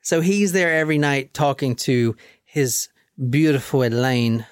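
A woman hosting a podcast, telling a true-crime story in casual chat, animated and swearing casually. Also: measured pace, clear, resonant tone, dry recording, clean studio sound. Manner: animated, swears casually, drops to low emphasis.

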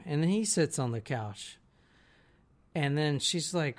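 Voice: mid-range voice, unhurried. A podcast co-host telling a story in casual, rambling chat, swearing freely and often checking in with the listener. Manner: rambling, profane, keeps checking in with "right?".

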